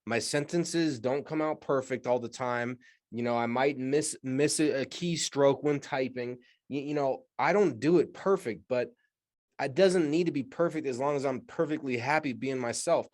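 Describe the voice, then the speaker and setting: This is a mid-pitched man co-hosting a casual podcast. He sounds reflective and encouraging. His speech is halting, with frequent restarts. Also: darkish tone. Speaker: podcast co-host. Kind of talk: casual podcast segment wrap-up.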